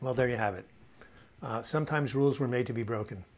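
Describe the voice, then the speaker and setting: A man's voice: medium pitch, fast, a little mellow. Chatty man in his sixties telling corny jokes. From United States. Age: 60s. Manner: chatty, tells corny jokes and puns, reads viewer comments aloud. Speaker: host of a live video chat on mental health. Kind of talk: casual live-stream chat.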